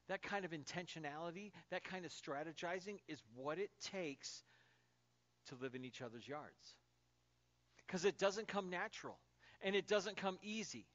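A man in his thirties preaching a sermon as a pastor, telling stories in an animated, conversational way with fillers. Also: high voice, highs cut off.

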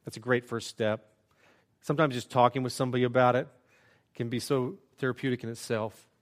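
A man's voice: medium pitch, steady tone, brisk. A man preaching a sermon as a pastor, earnest and conversational, with self-deprecating asides.

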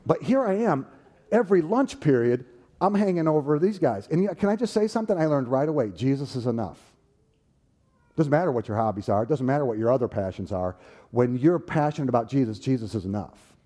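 A man preaching and telling his own story, swinging from loud, animated bursts to hushed, tender tones. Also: on the high side, quick pace. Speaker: preacher giving a personal testimony. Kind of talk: sermon storytelling.

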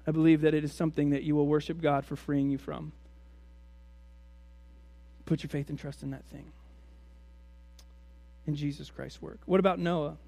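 A man's voice: fairly high pitch, level tone, normal speed, gravelly, pauses often, mellow. A man preaching a sermon as a pastor, in a conversational way full of rhetorical questions to his congregation.

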